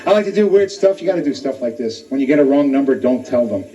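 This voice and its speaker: A man's voice: medium pitch, animated. Stand-up man heard from afar. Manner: crowd work, quick punchlines. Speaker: stand-up comedian. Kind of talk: stand-up comedy routine. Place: comedy club stage. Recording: distant lo-fi club recording. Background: audience laughter.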